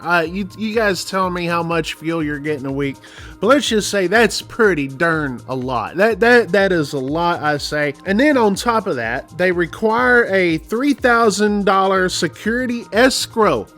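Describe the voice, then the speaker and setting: A man in his forties with a fairly high voice warns his fellow drivers in a casual, emphatic rant. He rambles and circles back over the same points, and faint music plays behind him. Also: animated, a little slow, a bit bright. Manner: emphatic, rambling, repeats himself. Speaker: truck driver and channel host. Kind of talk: casual warning rant to camera.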